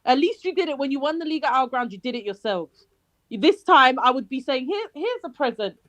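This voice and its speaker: A woman with a London accent chatting on a remote call about football, animated and swearing, tripping over her words. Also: high voice, brisk, no room sound, poor audio. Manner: animated, swearing, self-interrupting. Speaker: panel guest. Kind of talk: casual football chat.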